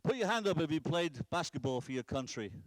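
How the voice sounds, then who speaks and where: A man's voice: a little high, animated, fairly quick, no room sound. Coaching man with a raised voice. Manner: directive, instructive, calls out drills. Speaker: soccer coach. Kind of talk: on-field coaching demonstration.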